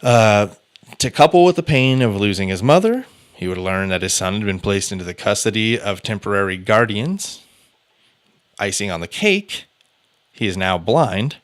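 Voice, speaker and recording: A man with a fairly low voice tells a true-crime story on a podcast. He talks loosely and casually, full of "uh" and "like", and swears now and then. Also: lively intonation, normal speed. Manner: loose and chatty, many fillers and restarts, swears casually. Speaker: podcast host.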